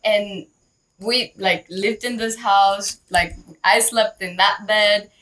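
Give me an easygoing young woman guest with a bright, forward voice, chatting casually. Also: medium pitch, fairly even intonation, slow pace, poor audio. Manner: easygoing, many "like" fillers. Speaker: podcast guest. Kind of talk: casual chat.

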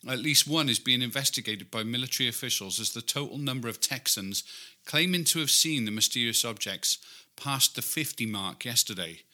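A man's voice: mid-range voice, a little fast, sharp tone. A British man co-hosting a casual chat, reading old newspaper articles aloud in a wry, chatty way. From Britain. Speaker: podcast co-host.

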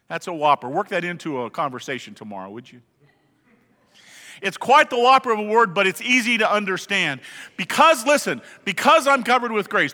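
In a church sanctuary, a pastor with a high, bright voice delivers a sermon to his congregation in a conversational style, driving his points home with emphasis. He repeatedly puts questions to the listeners, and the large hall gives his words a long, ringing reverb.

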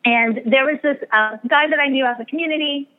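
A woman's voice: high-pitched, fast. A woman, an astrologer and medium, telling a rambling, self-deprecating story in a casual interview. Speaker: astrologer and psychic medium guest. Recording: tinny phone-like radio line.

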